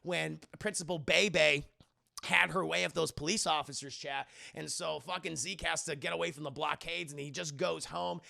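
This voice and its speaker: A man recaps a film for his live chat, rambling and swearing as he goes. His voice sits high, with a heavy gravelly fry and a bright, forceful edge. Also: fairly even intonation, moderate pace. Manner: rambling and profane, talks straight to his chat. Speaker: streamer reviewing a film. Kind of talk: casual live-stream recap.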